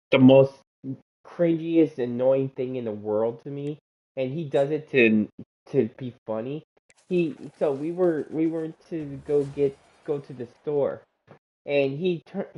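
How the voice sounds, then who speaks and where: A man chatting casually and telling a story, his sentences running on and often restarting, with plenty of casual swearing. His pitch sits in the middle range. The sound is dull and lo-fi, like voice chat.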